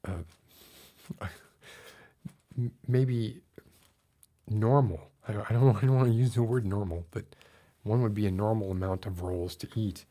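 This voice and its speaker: This streamer's voice is fairly low and dark, steady and unhurried, with frequent pauses. Chatting casually with a live audience, he slips into mock-outraged rants that lift his voice, then laughs at himself.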